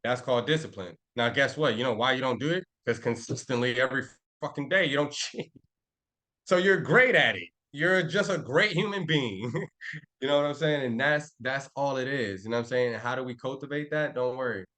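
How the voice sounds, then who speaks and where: A man's voice: mid-range voice, brisk, bright, forceful tone. Brash young male trading coach, street slang, profane, bragging, everyday mid-range voice. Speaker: trading instructor. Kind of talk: live trading class.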